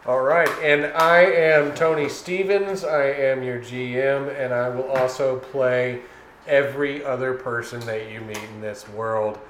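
A man's voice: mid-range voice, steady tone, a little slow, a bit bright. Male game master, casual narration, rambling, jokey, echoey room, faint hiss. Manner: joking, rambling, many fillers. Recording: roomy echo with faint noise.

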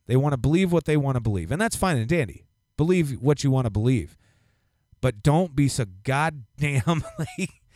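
A man co-hosting a podcast, ranting in a casual, profane, animated way. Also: medium pitch, no echo, clean studio sound. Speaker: podcast co-host. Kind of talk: casual chat.

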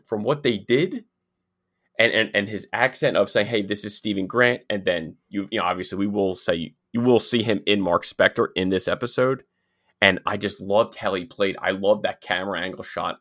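A man co-hosting a casual show chat, halting and repeating his words as he talks. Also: lowish voice, a bit bright. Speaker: podcast co-host.

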